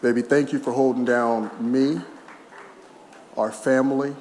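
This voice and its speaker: A man's voice: medium pitch, steady tone, unhurried, a little mellow, a little hiss or hum. A man around sixty, a retired baseball player, giving an emotional, humorous speech with personal anecdotes at a podium. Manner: emotional, humorous storyteller who chokes up at times. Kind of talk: heartfelt public speech with anecdotes. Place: large event hall. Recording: echoey hall, faint ambience.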